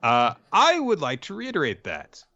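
A man's voice: fairly high pitch, wildly swooping pitch, moderate pace, bright, forceful tone, no echo. Male podcast host, chatty recapper, dry close sound. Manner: chatty, joking asides. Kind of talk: casual manga recap. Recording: dull lo-fi recording.

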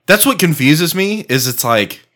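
A man's voice: on the high side, expressive, a little slow, sharp tone. A man co-hosting a casual podcast chat, rambling, swearing and laughing often. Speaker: podcast co-host.

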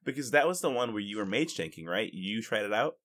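A man co-hosting a gaming podcast, telling stories in an animated, jokey way. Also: on the low side, fast talker. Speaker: podcast co-host. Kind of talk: casual chat.

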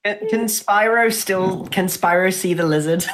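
A woman playing a tabletop game, quick to exclaim and joke. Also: mid-range voice, noisy background. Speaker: player.

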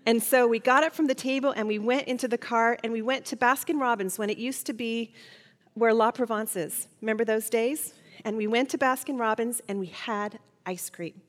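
A middle-aged woman leads a Bible study lesson, her voice pitched a little high. She tells personal stories in a chatty way, stumbling and restarting as she goes, and a long hall reverb trails after her words. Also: moderate pace. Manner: warm personal storytelling with fillers and restarts.

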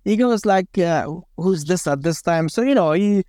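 Guy telling a war story on a podcast, kinda high voice, lots of uh and you know, dry close sound. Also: expressive, mellow, dry recording. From Afghanistan. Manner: halting, full of "uh" and "you know", acts out the people he quotes. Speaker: guest, former special forces commander.

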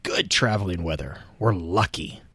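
A man's voice: deep voice, moderate pace, sharp tone, husky, dry recording, voice pushed down, full character voice. A man voicing a friendly, chatty male machine traveler. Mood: cheerful. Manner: cheerful, talkative.

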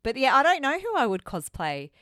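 A woman's voice: sits high, wildly swooping pitch, fairly bright tone, smooth, no echo, studio quality. A woman co-hosting a podcast, chatting casually about a film and laughing easily. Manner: laughs easily, quick asides. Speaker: podcast co-host. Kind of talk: casual movie discussion.

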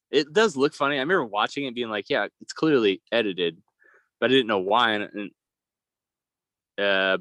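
Young man, lively, swearing storyteller. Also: medium pitch, no echo. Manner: rambling, profane, laughs while telling stories. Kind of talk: casual storytelling chat.

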